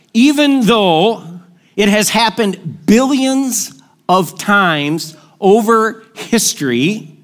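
A middle-aged male pastor, preaching an animated, joking sermon and telling stories to his congregation. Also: sits high. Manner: animated, joking storyteller with crowd call-outs.

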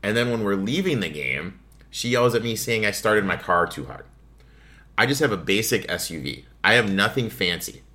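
A man's voice: on the low side, animated, moderate pace, pushed and bright. A man hosting his own sports betting podcast, talking casually and ranting with plenty of swearing. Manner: profane, ranting, offhand. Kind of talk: casual solo podcast monologue.

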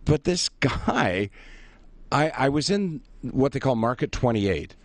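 A man's voice: mid-range voice, slow, no echo. Middle-aged man spinning a yarn. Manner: animated, self-mocking storyteller who laughs at his own tale. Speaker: radio show host. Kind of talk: casual on-air storytelling.

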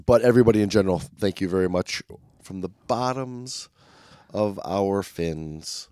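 Relaxed male podcast co-host. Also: sits low, normal speed, no room sound, studio quality. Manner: rambling, upbeat, many fillers and restarts. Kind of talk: casual chat.

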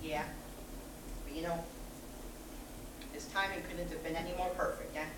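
A woman's voice: sits low, steady tone, moderate pace, close to an everyday voice. A woman playing a wisecracking cannibal prisoner on death row, performing live on stage. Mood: gleeful. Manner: wisecracking, cackles at own jokes. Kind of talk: stage play acting. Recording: echoey stage recording from far off, noisy.

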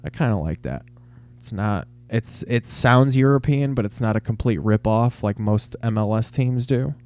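A man's voice: fairly low pitch, normal speed, darkish tone. A man hosting a podcast, rambling through a casual sports monologue with heavy swearing. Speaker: podcast host.

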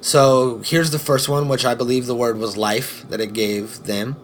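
A man's voice: mid-range voice, steady tone, measured pace, a little hiss or hum. Casual swearing podcast host, man. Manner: loose and swearing, self-mocking asides. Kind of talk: casual solo podcast intro. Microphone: studio podcast microphone.

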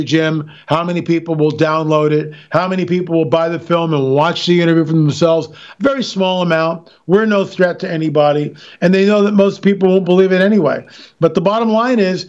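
Brief: male interview guest, emphatic storyteller, higher voice, dull lo-fi sound. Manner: emphatic storytelling, frequent restarts. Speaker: interview guest, filmmaker and author. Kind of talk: animated radio interview talk.

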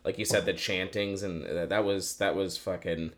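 Podcast co-host, man, lowish voice, loose and profane movie chat. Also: normal speed. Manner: excited, profane, rambling with restarts. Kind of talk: casual film review chat.

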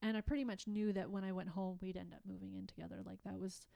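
A woman from Canada, a guest in a conversation, telling a personal story in a halting, emotional way with many restarts. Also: mid-range voice, fairly even intonation, gravelly, mellow, dry recording.

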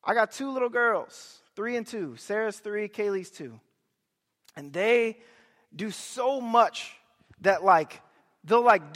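Young man preaching; high, lively storyteller with shouted emphasis, recorded in a big echoing hall. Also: slow pace. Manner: animated storytelling, bursts of loud emphasis. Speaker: pastor. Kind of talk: sermon.

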